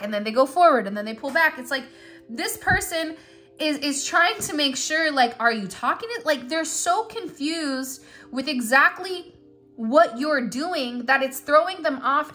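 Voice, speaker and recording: A woman's voice: sits high, pushed and bright. A young adult woman giving a rambling, chatty tarot reading to her viewers, with frequent restarts. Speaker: tarot reader.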